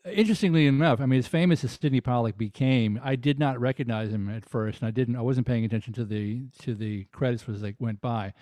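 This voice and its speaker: Podcast guest, man, late fifties, from Tennessee; mellow tone, dry close mic, wry and rambling. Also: mid-range voice, brisk, hardly any pauses, no echo. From American South, Tennessee. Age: 50s. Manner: chatty, wry, rambling with restarts. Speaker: guest musician. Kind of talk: casual podcast chat.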